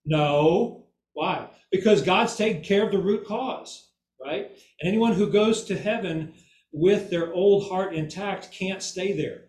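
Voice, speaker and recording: A man's voice: sits high, takes it slowly, darkish tone. A man giving an informal Bible teaching who keeps checking in with "okay?" and "right?" and repeats words for emphasis. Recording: echoey room, mic far off, faint ambience.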